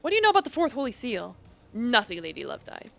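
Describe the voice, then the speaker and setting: A woman's voice: on the high side, huge pitch swings, quick pace, vocal fry, soft background music. A woman streaming a game, reading its dialogue aloud and adding casual, swearing asides.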